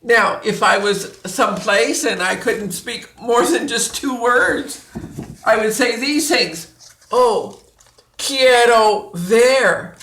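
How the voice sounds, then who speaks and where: Patient woman teacher, slow and deliberate delivery, lots of room echo. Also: a little high, pushed and bright. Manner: deliberate, drawn-out, demonstrating sounds. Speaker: Spanish teacher. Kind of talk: slow, patient classroom instruction. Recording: echoey room.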